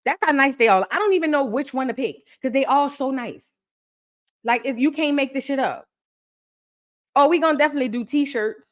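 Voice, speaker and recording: An excitable young woman talks straight to her stream's chat and repeats her favorite phrases for emphasis. Her voice sits a little high, and her delivery is emphatic and animated. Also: fairly quick. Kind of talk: casual live-stream chat.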